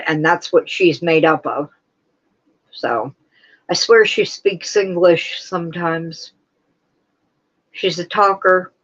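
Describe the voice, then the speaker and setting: Slow-talking woman chatting on a home livestream. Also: on the low side, lo-fi sound. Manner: chatty, often breaking off to scold her dogs. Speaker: crochet livestream host. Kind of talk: casual livestream chat. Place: home, with dogs nearby. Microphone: camera on a tripod.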